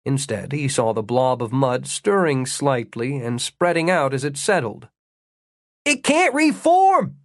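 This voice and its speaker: Male audiobook narrator, mid-range voice, measured fantasy storytelling, dry booth sound. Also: medium pitch, dry recording.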